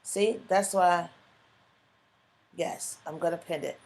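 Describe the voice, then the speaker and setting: A woman's voice: on the low side, takes it slowly, vocal fry, a little mellow. A middle-aged woman hosting her own live online show, talking in an emotional, fervent way that builds into preacher-like exhortation. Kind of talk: live stream talk, preacher-like testimony.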